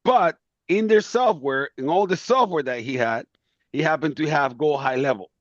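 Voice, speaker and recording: A man's voice: on the high side, moderate pace, fairly bright tone, no echo, muffled recording. A man whose first language is Spanish, calling into a business Q&A and telling earnestly how he got started. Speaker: caller asking a question. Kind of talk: casual account. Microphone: video call.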